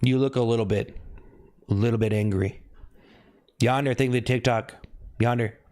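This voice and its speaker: A man's voice: mid-range voice, steady tone, normal speed, darkish tone. A young man hosting a casual livestream, teasing viewers by name and repeating his jokes. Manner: teasing, repeats himself, calls out chat names. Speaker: livestream host.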